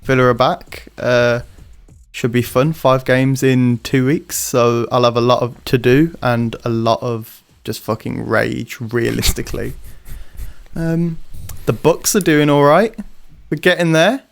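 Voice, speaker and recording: Sweary, rambling podcast bloke. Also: male voice, mid-range voice, steady tone, unhurried, gravelly. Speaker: podcast co-host. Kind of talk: casual banter.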